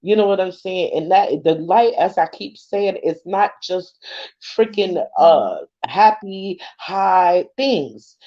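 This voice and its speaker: A woman's voice: mid-range voice, darkish tone, highs cut off. A woman spiritual card reader in casual livestream talk, emotional and earnest, often checking that listeners follow her. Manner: emotional and earnest, keeps asking if you follow.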